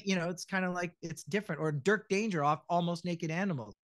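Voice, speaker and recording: On a casual podcast chat, a middle-aged man who is a voice actor and guest speaks quickly in a fairly high voice. He acts out each quote animatedly and swears freely, and the sound is close and dry with no surrounding room.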